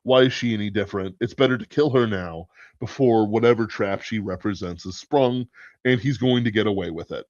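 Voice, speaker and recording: Fairly quick and on the low side, this man's darkish voice carries his casual, rambling podcast musings, with a curse word now and then. The lo-fi recording is dull and dry, with no room sound.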